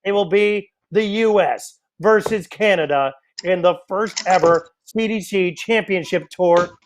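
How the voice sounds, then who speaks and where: A man's voice: high voice, unhurried, slight background noise. A man from the United States doing live darts commentary, chatty and joking in asides to viewers.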